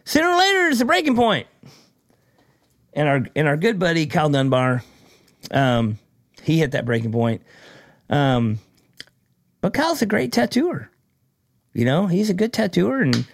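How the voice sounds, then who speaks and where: A man who judges a tattoo competition, telling a story in casual chat, blunt and profane, with animated, mocking asides. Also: fairly high pitch, moderate pace, gravelly, pauses often, dry recording, studio quality.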